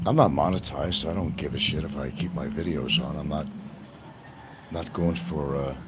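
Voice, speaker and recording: A man's voice: a bass voice, normal speed. A man hosting a live stream, chatting to his viewers in a rambling, meandering way. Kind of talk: rambling casual live chat. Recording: noisy ambient background.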